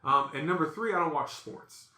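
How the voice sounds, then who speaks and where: A man hosting a podcast, telling stories in a casual, animated way and acting out the voices in them. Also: on the high side, moderate pace, echoey room. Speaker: podcast host. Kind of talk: casual storytelling chat.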